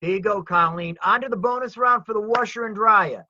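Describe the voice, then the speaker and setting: Animated older Rhode Island man, bright voice. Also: sits high, fairly quick. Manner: animated, emphatic storyteller. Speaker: comedian guest. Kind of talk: casual chat on a video call. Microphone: video call. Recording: dull lo-fi call audio.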